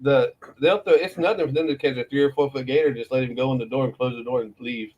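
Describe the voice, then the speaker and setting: This Florida morning show host, a middle-aged man, rambles through profane stories in casual chat, often breaking into laughter. He speaks fast with fairly even intonation, and his medium-pitched voice has a darkish tone on lo-fi sound.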